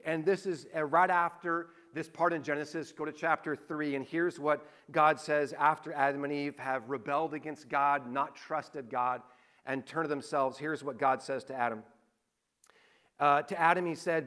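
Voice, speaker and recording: Middle-aged male pastor, high bright voice, chatty sermon with stories and rhetorical questions. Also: measured pace. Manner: conversational preaching, rhetorical questions, anecdotes.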